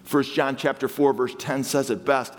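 A man preaching a sermon as a guest pastor, shifting between loud, emphatic lines and low, intimate asides. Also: level tone, moderate pace. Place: church sanctuary. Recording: long hall reverb.

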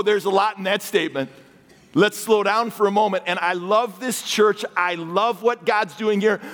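A man preaching a sermon as a guest pastor, shifting between loud, emphatic lines and low, intimate asides. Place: church sanctuary. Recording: long hall reverb.

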